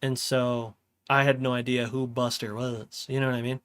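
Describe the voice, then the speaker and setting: A young man chatting casually on a livestream as he makes music, slangy and relaxed, often laughing. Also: mid-range voice, normal speed, clean tone, no echo. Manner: laid-back, slangy, laughs often, talks while working. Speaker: music producer streaming. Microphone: studio microphone.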